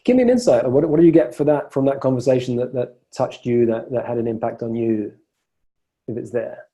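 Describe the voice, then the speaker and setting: Emphatic male coach with a very bright voice. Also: mid-range voice, brisk. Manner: emphatic, repeats words when starting phrases. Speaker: coach and host. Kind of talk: live coaching call.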